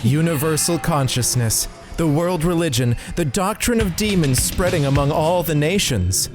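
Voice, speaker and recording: A man's voice: on the high side, moderate pace, over music. A man co-hosting a casual podcast, reading book passages aloud in a dry, mock-solemn way between jokes. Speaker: podcast co-host.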